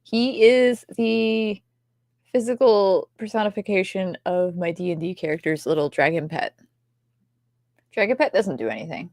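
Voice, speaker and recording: A woman co-hosting a casual livestream chat, playful, sometimes dropping into soft whispers as she shows off her toys. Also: mid-range voice, normal speed, no room sound, clean studio sound. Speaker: co-host.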